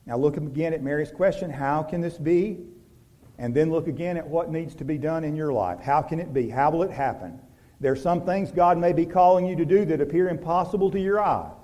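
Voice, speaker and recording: This man, a pastor, preaches at a fairly quick clip with a voice on the high side. His delivery shifts from forceful and loud to quiet and hushed, leaning on repetition and rhetorical questions.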